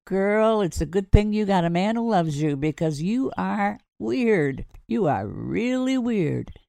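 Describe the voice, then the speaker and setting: A woman's voice: a little high, very animated, normal speed, mellow, no echo, voice pushed up. A woman voicing a hearty, joking father who teases his wife and son. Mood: teasing. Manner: jovial, teasing.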